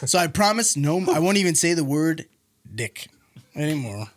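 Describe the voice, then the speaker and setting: Animated laughing podcast host man. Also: a little high, moderate pace, a little hiss or hum. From Spanish-speaking background. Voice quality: laughing, loose, animated storytelling. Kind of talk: casual chat.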